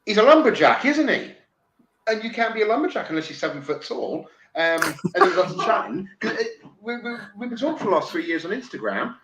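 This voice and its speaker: A man from England in casual podcast chat, excitable, swearing freely and stumbling over restarts. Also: high voice, fairly quick, dull audio. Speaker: podcast guest. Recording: roomy with faint noise.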